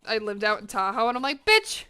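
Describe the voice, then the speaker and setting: A woman's voice: mid-range voice, quick pace, smooth. A woman chatting energetically with her viewers while cooking on a live stream in her home kitchen, swearing freely as she talks. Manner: energetic, chatty and profane, talking to chat.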